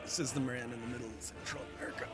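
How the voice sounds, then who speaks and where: A man's voice: mid-range voice, steady tone, racing. A man giving chatty live commentary while he plays a strategy game and talks to his chat. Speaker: streamer. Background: background music.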